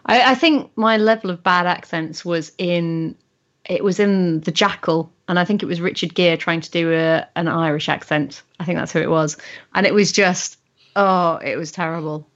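A podcast co-host with a lowish female voice speaks at normal speed in casual chat. She's chatty, asks plenty of questions and wanders into rambling asides. The audio is muffled and lo-fi.

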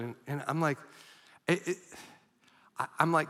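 High bright-voiced male pastor preaching. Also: normal speed, long pauses, long reverb tail. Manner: animated storyteller, bursts into shouts. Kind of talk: sermon. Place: church auditorium.

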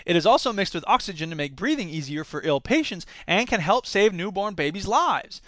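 A man's voice: high voice, sing-song, brisk, a bit bright, no room sound. A man hosting a podcast, reading news items aloud and mocking them with sarcastic, jokey asides. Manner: sarcastic, jokey, switches into silly voices. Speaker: podcast host. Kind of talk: casual solo commentary reading news.

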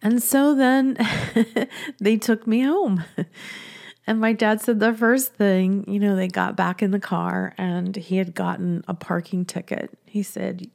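A woman telling a personal story in a chatty, soft-spoken way, often laughing between sentences. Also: medium pitch, fairly even intonation, slow, creaky. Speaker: business coach and podcast host.

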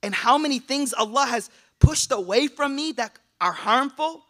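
A young man giving a lively, casual sermon to a live audience, joking and using slang, and reciting Arabic quotations quickly. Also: very high voice. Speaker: Islamic lecturer.

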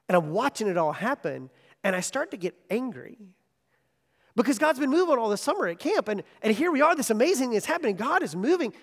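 High-voiced man preaching in an echoing hall. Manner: animated, emphatic, rising to urgent emphasis. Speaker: camp preacher. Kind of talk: sermon with a personal story. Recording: long hall reverb.

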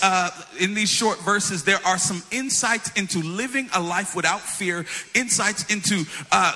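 A man's voice: a little high, pushed and bright. A man preaching a sermon to a congregation, storytelling and calling them y'all. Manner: storytelling, addresses audience as y'all. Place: in front of a congregation.

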